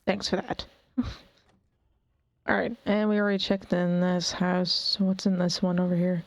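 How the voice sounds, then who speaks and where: A woman's voice: lowish voice, level tone, measured pace, no echo. A woman streamer chatting casually to herself while playing a game. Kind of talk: casual gameplay commentary. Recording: dull dry stream mic.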